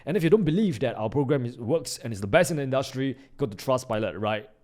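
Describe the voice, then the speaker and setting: A man talks through a live trading session in a loose, slang-heavy way. He bursts into loud excitement, then drops to quiet mutters, in a voice of middling pitch. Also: quick pace. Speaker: trading YouTuber.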